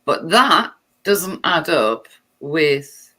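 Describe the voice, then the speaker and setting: A woman's voice: deep voice, big pitch swings, extremely slow, bright, forceful tone, breathy edge. A woman vlogger reading text aloud and breaking off for sarcastic, irritated remarks.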